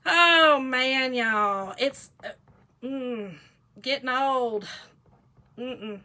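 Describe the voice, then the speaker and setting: A woman's voice: high voice, very slow, long pauses, sharp tone. A woman, telling a funny story in a casual vlog chat, laughing often and saying "y'all" a lot. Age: 40s. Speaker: vlogger.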